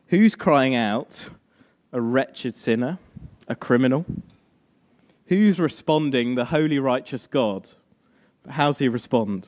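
A man preaching a sermon, moving between hushed, slow lines and rising, emphatic passages. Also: mid-range voice, lively intonation.

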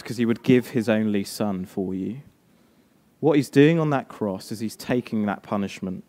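A man preaching a sermon, moving between hushed, slow lines and rising, emphatic passages. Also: medium pitch.

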